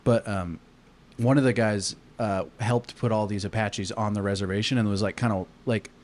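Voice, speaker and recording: A man's voice: lowish voice, fairly even intonation, normal speed, a little mellow. A man from Arizona telling a long story on a casual podcast, rambling with lots of fillers and swearing. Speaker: podcast co-host.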